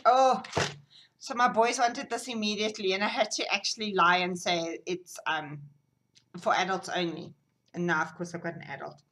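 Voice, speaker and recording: A South African woman hosting a knitting podcast, chatting casually and gushing excitedly over gifts and yarn, sometimes dropping to a whisper. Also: on the high side, normal speed, a little hiss or hum, rough recording. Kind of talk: casual unboxing chat.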